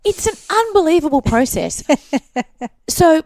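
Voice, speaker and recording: An Australian woman guest telling her stories in a casual interview, animated and laughing often. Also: extremely high pitch, unhurried, no echo. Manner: animated storyteller, laughs often, acts out quoted voices.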